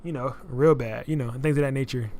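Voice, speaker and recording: A man's voice: mid-range voice, fairly even intonation, fast talker, darkish tone. A young man photographer chatting loosely on his live stream while he edits, full of slang and repeated phrases. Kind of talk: casual live-stream chat.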